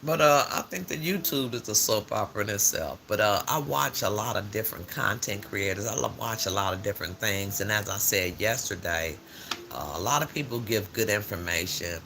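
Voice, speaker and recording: A man's voice: on the low side, brisk, vocal fry, a little hiss or hum. An older man hosting a casual morning live stream, chatting and telling stories in a loose, slangy way. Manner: chatty, animated storytelling with frequent laughs and slang.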